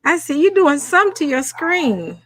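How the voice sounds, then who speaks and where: A woman with a Southern US accent hosts a late-night livestream in an animated, chatty way, though she is tired after a day of work. Her voice sits fairly high and has a bright, lively tone. It is recorded close and dry on a home microphone. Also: normal speed, no room sound. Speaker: livestream host. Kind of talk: casual livestream chat.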